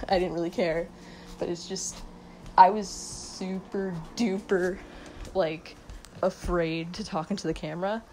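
A teenage girl with a fairly low, darkish voice rambles unscripted into her phone at night, sleep-deprived after staying up all night. The vlogger giggles, mumbles and mocks herself, and the rough phone-mic recording carries a little hiss or hum.

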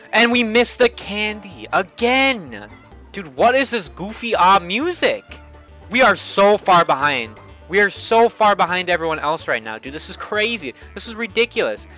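Young male streamer, bright high voice, game music underneath, cursing, repetitive play-by-play. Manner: frustrated, swearing, repeats himself. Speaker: gaming streamer. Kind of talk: live gameplay commentary. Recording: game music playing behind.

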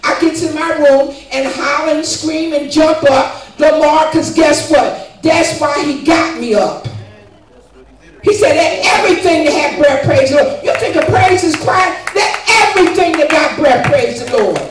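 A woman's voice: high-pitched, measured pace. An older woman giving a fervent, emphatic church testimony. She keeps asking her listeners "guess what" as she talks. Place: church sanctuary. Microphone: distant room mic. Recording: echoey church from far off, faint music.

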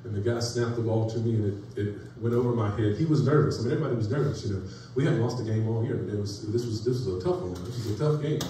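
A man's voice: lowish voice, fast talker, hardly any pauses, warm tone. A man preaching a sermon in a folksy way, telling stories and building to rising emphasis. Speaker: pastor. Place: church sanctuary. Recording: echoey church room from far off, faint noise.

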